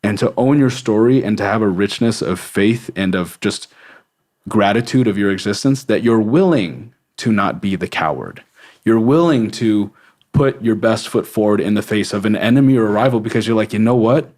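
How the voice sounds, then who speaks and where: A man with a fairly low voice hosts a relaxed podcast talk. He speaks in an earnest, reflective way and often murmurs along as he listens. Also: moderate pace. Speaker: podcast host. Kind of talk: casual conversation.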